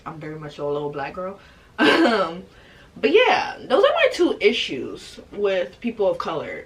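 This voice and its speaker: A woman's voice: medium pitch, recorded from a distance. A young adult woman vlogger in a casual, emphatic rant to camera who repeats her points for effect.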